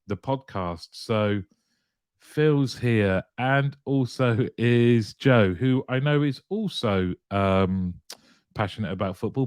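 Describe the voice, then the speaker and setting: A man's voice: fairly low pitch, a little mellow, clear, resonant tone, no echo, studio quality. A man hosting a casual live show, greeting viewers one by one and laughing lightly as he chats. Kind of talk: casual live-stream chat, reading viewer comments aloud.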